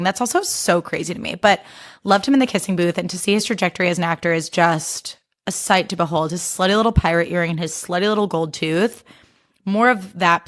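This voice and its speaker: A young woman talks alone on her podcast, loose and chatty. She swings between gushing and ranting and swears freely, with an easy, everyday middle pitch. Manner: animated, profane, gushing and ranting. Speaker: podcast host. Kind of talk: casual solo podcast chat.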